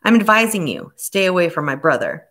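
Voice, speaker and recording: A hostile, contemptuous stable girl with a deep, husky voice, as a woman reader plays her. She snaps short, threatening lines at an audiobook heroine. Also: big pitch swings, a little fast, a bit bright. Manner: curt, snapping and threatening.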